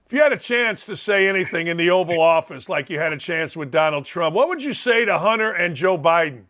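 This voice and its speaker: A middle-aged man hosting a sports talk show, loud and fired up, ranting with bursts of shouting. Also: high voice, animated, a little fast.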